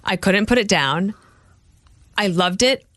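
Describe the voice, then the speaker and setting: A woman hosts a podcast interview and talks with warm enthusiasm about her guest. Her pitch sits in the middle of the range. The recording is dry and close. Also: animated, measured pace, dry recording. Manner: enthusiastic, brief reactions. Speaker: podcast host. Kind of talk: interview conversation.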